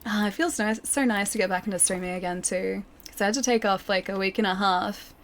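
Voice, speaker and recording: A woman streaming a video game, chatting casually and thanking viewers, her voice hoarse as it recovers. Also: medium pitch, brisk. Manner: chatty, thanks viewers, reacts excitedly to the fight. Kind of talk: casual live-stream chat while playing.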